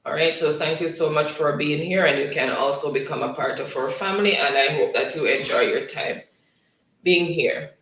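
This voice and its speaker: A man's voice: on the high side, moderate pace, a bit bright. A man hosting a live-stream spelling quiz in a casual, chatty way, reading viewers' comments aloud and laughing often. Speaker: livestream quiz host. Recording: echoey room, distant mic.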